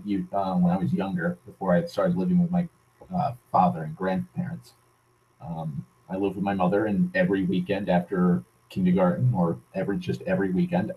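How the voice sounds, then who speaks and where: A man's voice: low voice, dark tone, poor audio. Profane rambling man telling a story. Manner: profane, heated, full of restarts. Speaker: vlogger. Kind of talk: rambling personal storytelling rant.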